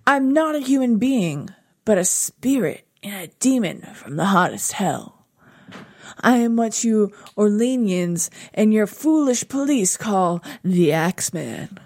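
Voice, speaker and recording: A woman's voice: mid-range voice, animated, a little mellow, natural voice. A woman reading as a boastful demon axe killer. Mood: menacing. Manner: slow, menacing letter reading in a mock British accent. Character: boastful demon axe murderer, male spirit.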